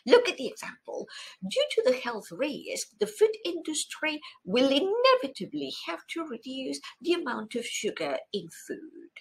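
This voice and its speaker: A middle-aged woman teaching an English exam-prep lesson, expressive and playful with animated exclamations. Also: high-pitched, unhurried, gravelly, poor audio. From Spain.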